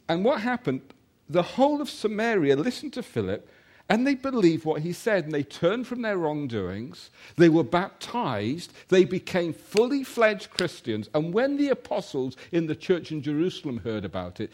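A man preaching a sermon, telling a personal story and then reading scripture, slowing down to stress key points. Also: fairly high pitch. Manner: animated storytelling, slows for emphasis.

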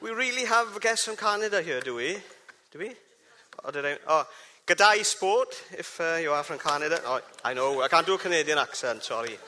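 A man's voice: fairly high pitch, expressive, fast talker, bright, forceful tone. A man giving a chatty, jokey church talk, often asking the congregation questions. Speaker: preacher.

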